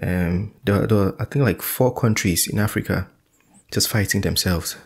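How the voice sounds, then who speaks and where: A man reacts casually to a clip, musing with plenty of fillers. His voice is low and gravelly with a husky edge. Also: a little slow. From Nigeria. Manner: relaxed, thoughtful, filler-heavy. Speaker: reaction channel host.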